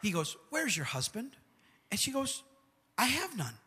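Guy preaching in a church, kinda high voice, echo hanging in the hall, keeps saying come on, amen. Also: measured pace, breathy edge. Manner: animated, call-and-response asides like "come on" and "amen". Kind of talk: sermon. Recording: long hall reverb.

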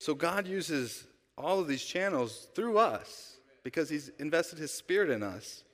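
A man's voice: fairly high pitch, very animated, measured pace, fairly bright tone. A male pastor giving a conversational sermon, asking the congregation rhetorical questions. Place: church sanctuary. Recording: long church-hall reverb.

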